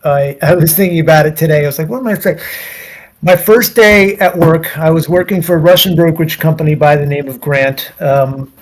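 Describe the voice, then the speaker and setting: A man's voice: on the high side, a little fast, low-quality recording. A man in his fifties from the United States, telling a long story casually, with frequent restarts and acted-out voices. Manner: rambling, frequent restarts and laughs, acts out voices. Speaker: guest.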